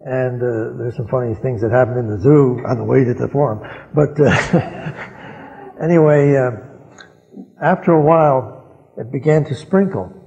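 A man's voice: medium pitch, unhurried, gravelly, warm tone. Older man, chuckling storyteller, muffled archival sound, long hall reverb. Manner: rambling, chuckling often, many fillers. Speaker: speaker recounting memories to a gathering. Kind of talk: anecdotal storytelling talk. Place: large hall at a gathering.

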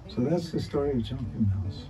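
A man telling a story in a relaxed, conversational way. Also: medium pitch, normal speed, poor audio. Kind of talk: oral storytelling. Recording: voice from afar over guitar music. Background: guitar music.

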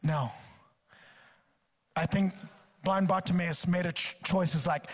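A man's voice: high voice, fairly even intonation, takes it slowly, long pauses. A male guest preacher delivering a sermon at a church service, exhorting with emphatic repetition.

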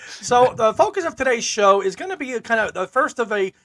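A man's voice: extremely high pitch, expressive, fairly quick, a bit bright, dry recording, clean studio sound. A man hosting a podcast, chatting upbeat and casual with guests. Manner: upbeat, chatty, many fillers. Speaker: podcast host.

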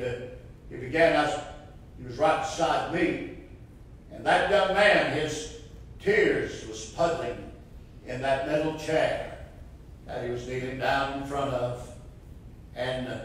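A man with a mid-range voice preaches a sermon in a church sanctuary, fervent and building to impassioned cries. He is recorded from a distance, so there's a roomy, far-off echo and slight background noise.

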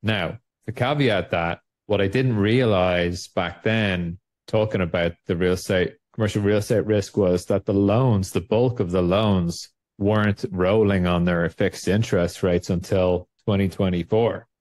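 A man's voice: deep voice, steady tone, unhurried, few pauses, a little mellow. A man co-hosting a trading show, chatting casually and jokingly about markets, rambling and laughing often. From Ireland.

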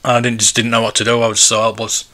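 A man's voice: medium pitch, completely flat delivery, very fast, bright, forceful tone. A man in his forties, hosting a casual live stream and chatting in a rambling, nostalgic way. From United Kingdom. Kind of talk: casual live-stream chat, reading viewer comments.

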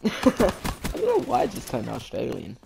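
Lively chatty male gaming vlogger. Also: medium pitch, moderate pace, creaky, background noise. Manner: chatty, repeats "freaking" and fillers. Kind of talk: casual rambling storytelling.

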